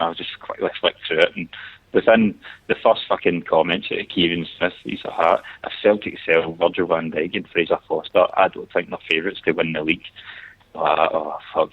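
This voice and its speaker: A Scottish man in his thirties phoning in, his voice low and husky over a tinny, narrow phone line. He talks fast and rambles, restarting his sentences as he chats. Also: fairly even intonation. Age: 30s. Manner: rapid, rambling talk full of restarts. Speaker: caller. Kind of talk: casual call-in chat.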